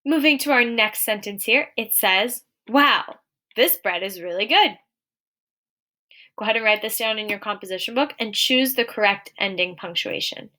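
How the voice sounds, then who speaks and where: Speaking a little high with a pushed, bright sound, a young woman leads a recorded lesson for small children. She stays clear and encouraging, easing her pace to read example sentences aloud.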